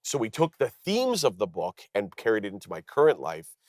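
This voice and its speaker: A man's voice: normal speed, dry recording, clean studio sound. A man in his thirties from Canada, a comedian telling stories as a talk show guest, acting out quoted people. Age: 30s. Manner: lively, acts out quoted dialogue in higher voices. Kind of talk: animated storytelling. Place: television studio.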